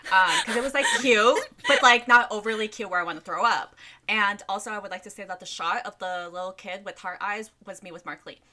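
A woman's voice: mid-range voice, brisk, bright, forceful tone, a little hiss or hum. A woman co-hosting a casual pop music podcast, making dry sarcastic quips. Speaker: podcast co-host. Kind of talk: casual chat.

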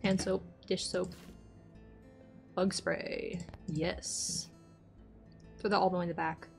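A woman's voice: fairly low pitch, little pitch movement, takes it slowly, gravelly, soft background music. A woman streaming a game, chatting casually to herself and her viewers and getting exasperated now and then. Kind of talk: casual let's-play chat.

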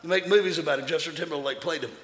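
A man preaching a sermon as pastor, shouting fiery lines and chanting repeated phrases to a congregation. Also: on the high side, rapid-fire. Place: large church hall with congregation. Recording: echoey church hall with crowd noise.

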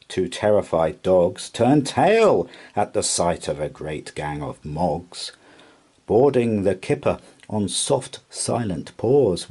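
A man reading a rhyming children's picture book aloud in an expressive storytelling voice. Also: low voice, breathy edge. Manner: slow, expressive rhyming delivery. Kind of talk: children's read-aloud narration.

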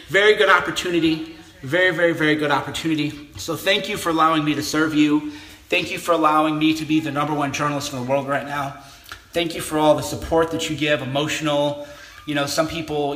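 Male commentator, forceful and slightly high-voiced, repeats himself with emphasis, to-camera address. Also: roomy sound, low-quality recording. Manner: repetitive, emphatic, insistent. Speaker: political commentator. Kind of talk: direct-to-camera address to supporters.

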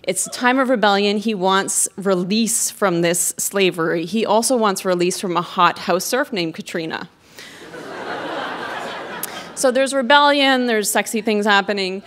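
A woman's voice: medium pitch, measured pace, a bit bright, slight background noise. A woman reads aloud from a melodramatic romance she wrote as a teen, treating it as comedy. Her narration carries a wry, amused tone, and she drops playful asides between passages. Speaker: reader of her own teenage writing. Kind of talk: comic live reading of a novel.

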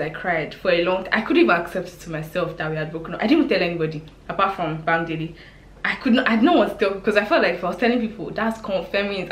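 A young woman, a vlogger telling a chatty, expressive story with sudden exclamations. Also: fairly low pitch, slight background noise. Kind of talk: casual storytime chat. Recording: echoey room.

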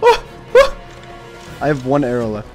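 A man hosting a gaming video, yelling and trash-talking in excited voice chat. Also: mid-range voice, moderate pace, loud music behind the voice. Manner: loud, shouting, bossy trash talk.

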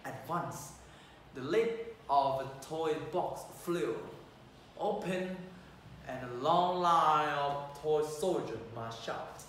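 A teenage male student reading a children's story aloud, slow and halting, often correcting himself. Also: a little high, a bit bright. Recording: echoey room, distant mic, faint noise.

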